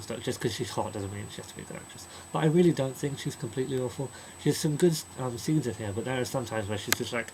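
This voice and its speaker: Chatty, rambling man with a low voice. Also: slight background noise, low-quality recording. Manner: chatty and rambling, mimics characters in quick asides. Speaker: movie reviewer. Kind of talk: casual spoken film review.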